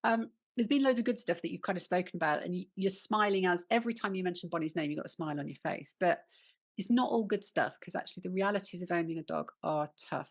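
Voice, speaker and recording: Woman, podcast host, lowish voice, conversational, advice-giving. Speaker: podcast host and dog trainer. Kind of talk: podcast interview.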